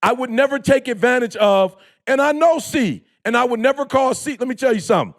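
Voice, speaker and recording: A man giving an impassioned, preachy motivational talk in slangy speech, repeating phrases for emphasis and bursting into shouts. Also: extremely high pitch, animated, a little fast. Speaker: motivational speaker.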